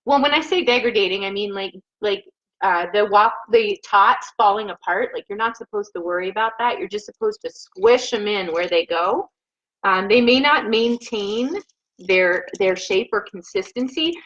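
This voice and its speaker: A woman's voice: on the high side, a bit bright, poor audio. A woman hosting a casual cooking show from her home kitchen, rambling and laughing often as she cooks, recorded through a laptop microphone. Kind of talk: casual live cooking chat. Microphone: laptop mic.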